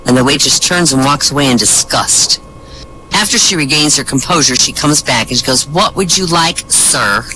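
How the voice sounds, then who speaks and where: Bright-voiced man telling jokes. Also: mid-range voice, brisk, faint music behind, low-quality recording. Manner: lively storyteller acting out the characters' lines. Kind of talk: stand-up joke telling in a voice chat room.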